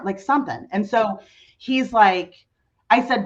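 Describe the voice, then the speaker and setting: A woman's voice: mid-range voice, unhurried, highs cut off. A woman in her thirties, a podcast guest and mother, telling a story in casual chat with lots of "like" fillers. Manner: animated storyteller, many "like" fillers. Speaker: mother of a teenage son.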